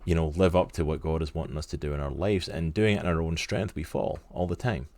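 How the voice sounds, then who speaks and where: A Scottish man speaks in an extremely deep voice, earnest and rambling, padding his thoughts with fillers. The sound is dry and close, with no room around it. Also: fairly even intonation, fast, a little mellow, no echo. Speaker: podcast co-host. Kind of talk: casual interview chat.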